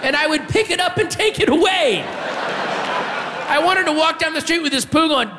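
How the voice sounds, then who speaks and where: A man doing a stand-up comedy set, telling a story with animated delivery and shouting his punchlines. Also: extremely high pitch, moderate pace, background noise. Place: comedy club stage with audience. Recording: reverberant room with faint audience.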